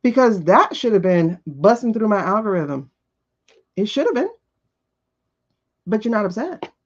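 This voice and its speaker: Speaking at an unhurried pace with big swings in pitch, this mid-range female voice belongs to a tarot livestream host. Her casual, blunt opinions come packed with rhetorical questions and swearing, all captured in dull, lo-fi stream sound.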